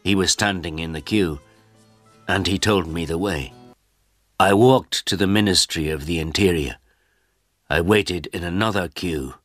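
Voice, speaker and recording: A man narrating a story in the first person for English learners, in simple, clear sentences. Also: low-pitched, measured pace, pauses often, fairly bright tone, soft background music.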